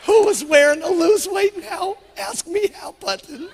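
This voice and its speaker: A man doing a soft, giggly wife. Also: very high-pitched, unhurried, gravelly, pitched above the performer's own voice, exaggerated voice. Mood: giddy. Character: eager, giggly young wife. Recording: long hall reverb.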